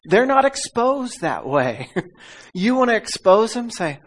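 Preaching slowly in a high, very animated voice, this pastor keeps his sermon conversational and casual. He asks the congregation for amens and repeats, and laughs frequently while telling stories.

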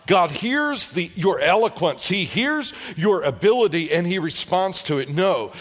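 Male pastor, sermon, unhurried, emphatic delivery with a lightly raised pitch. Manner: emphatic preacher, pitch swinging with the point.

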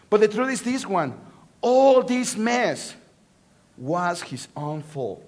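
A pastor preaching a sermon, telling a story with lots of animation, swinging from loud emphasis to hushed lines and repeating phrases for effect. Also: male voice, high voice, very animated, takes it slowly.

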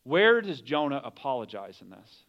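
A man's voice: medium pitch, very animated, moderate pace, fairly bright tone, muffled recording. A man preaching a conversational sermon, often asking the listeners questions. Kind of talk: casual sermon.

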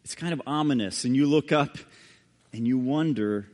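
A male pastor preaching a sermon and reading scripture aloud, dramatic, with sudden hushed low drops on key words. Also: normal speed. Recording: long hall reverb.

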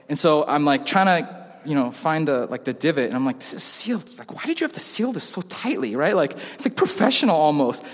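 A young man, casual and joking, telling stories in an animated way. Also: on the high side. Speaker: pastor. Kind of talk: sermon. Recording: long hall reverb.

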